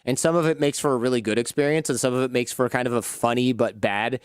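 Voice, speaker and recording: A man telling lively anecdotes in a casual interview, acting out the people in his stories. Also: medium pitch, fast talker, clear, resonant tone, no echo, clean studio sound. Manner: animated anecdotes, acts out quoted people. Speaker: podcast host as guest.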